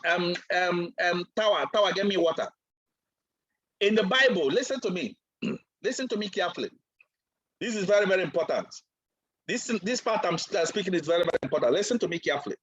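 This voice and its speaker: A man's voice: high voice, fairly bright tone, slightly rough, lo-fi sound. A man giving a motivational training talk like a sermon, emphatic and repetitive. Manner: emphatic and repetitive, asks for water mid-talk. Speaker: trainer and speaker.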